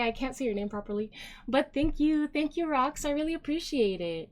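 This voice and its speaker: A woman's voice: high voice, expressive, a little fast, music in the background. A woman live-streaming, chatting casually and reading viewer comments aloud, rambling with lots of fillers and giggles.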